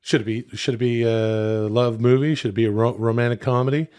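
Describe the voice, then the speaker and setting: A man's voice: medium pitch, fairly even intonation, fairly quick, darkish tone, clear, resonant tone. A man co-hosting a comedy podcast, brainstorming casually in a rambling way, with restarts and swearing as he riffs. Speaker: podcast co-host.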